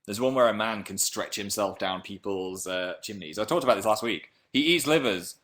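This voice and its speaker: Rambling, jokey man on a livestream. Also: moderate pace. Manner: rambling, jokey, with sudden excited jumps in pitch and volume. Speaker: livestream host reading viewer comments. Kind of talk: casual chat.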